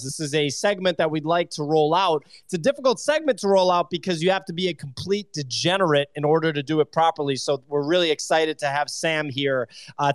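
A man's voice: fairly high pitch, dry recording, studio quality. A man hosting a casual show, introducing guests and teasing his co-hosts. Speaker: host. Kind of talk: casual chat.

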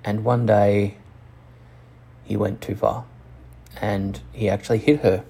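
A young man telling a personal story frankly and profanely, halting often with restarts. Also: lowish voice, flat delivery, creaky, warm tone, husky. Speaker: channel host.

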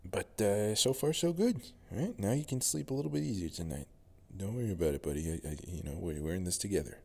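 A man's voice: on the low side, lively intonation, fast, creaky, darkish tone, husky. A man with a General American accent, rambling through a casual solo monologue as a podcast host. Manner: rambling, musing, many fillers and restarts.

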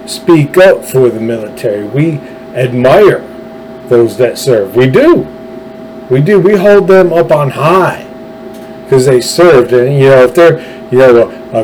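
A man's voice: medium pitch, darkish tone, slight background noise, low-quality recording. A man delivering an opinionated political monologue, ranting emphatically and repeating phrases for effect. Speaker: political podcast host.

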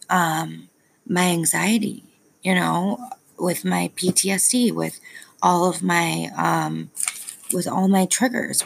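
Gravelly-voiced young mom rambling candidly. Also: female voice, fairly low pitch, slight background noise, low-quality recording. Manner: rambling, lots of ums, self-aware. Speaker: parent vlogger. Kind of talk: candid personal vlog.

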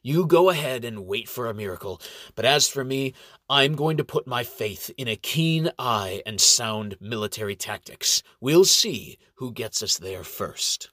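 A man's voice: medium pitch, animated, unhurried, sharp tone, no echo. A tall, arrogant ranger who has no patience for anyone, as a man puts him on. His lines come out clipped and dismissive, in a dry, close voice with no room sound. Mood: indignant. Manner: brusque, dismissive. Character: tall muscular male ranger, arrogant and impatient.

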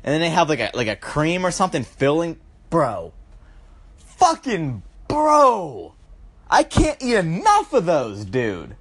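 Young guy ranting and swearing nonstop, high voice that jumps all over, says bro constantly. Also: huge pitch swings, normal speed, few pauses. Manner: loud, swearing, keeps tacking on "bro"; riled up, climbing into yelling at peaks. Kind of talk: profane comedic rant.

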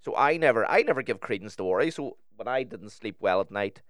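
A man's voice: fairly low pitch, expressive, fairly quick, no room sound, studio quality. A man in casual podcast chat, talking candidly and swearing freely as he tells personal stories.

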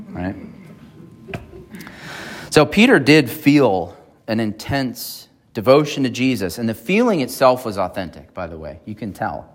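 A man's voice: mid-range voice, very animated, measured pace. A man, a pastor, preaching a sermon in a conversational way and often checking in with his congregation. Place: church.

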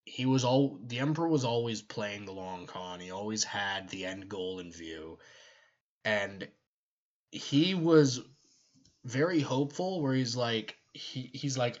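A man's voice: mid-range voice, unhurried, lo-fi sound. A man co-hosting a podcast, animatedly explaining a fictional universe's lore in casual chat with joking asides. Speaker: podcast co-host.

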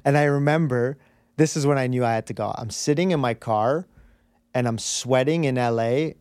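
A man's voice: medium pitch, moderate pace, a little mellow, no echo, studio quality. A man as a podcast guest, telling a personal story in an earnest, rambling way with many restarts. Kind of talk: candid storytelling in conversation.

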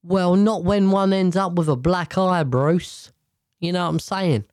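A man's voice: sits high, fairly even intonation, a little slow, a little mellow, clean tone, no room sound, studio quality. A man hosting a solo podcast from a table at home, rambling in casual chat, swearing freely and often restarting his sentences. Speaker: podcast host.

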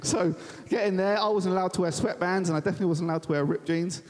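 Talking fast and barely pausing, a high-pitched young man from Thanet, Kent, England, preaches as a guest in a large church venue. His sermon is full of chatty, self-deprecating personal stories, and the hall's long reverb is clearly audible.

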